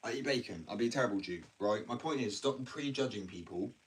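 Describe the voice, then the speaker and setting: A man's voice: mid-range voice, fast talker. A young man from England ranting bluntly and ramblingly in a casual livestream, full of slang. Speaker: live streamer. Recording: distant mic with faint background noise.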